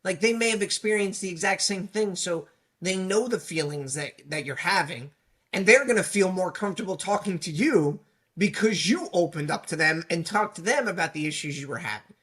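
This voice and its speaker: A man's voice: high-pitched, expressive, moderate pace, fairly bright tone. A man guest on an interview show, a police union leader, speaking earnestly and reflectively in casual conversation.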